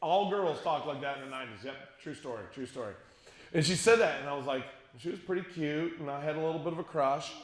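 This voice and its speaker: With a fairly high pitch and a quick pace, a middle-aged youth speaker tells a comic story to a youth conference crowd. He is animated, acts out what people said, and jokes with the audience, and the large conference hall gives the recording an echo.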